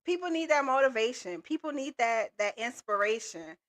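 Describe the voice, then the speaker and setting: Bright, upbeat woman coach live. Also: fairly high pitch, expressive, moderate pace. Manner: upbeat, motivational, casual slangy talk. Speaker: business coach and livestream host. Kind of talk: live call-in coaching stream. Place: Texas.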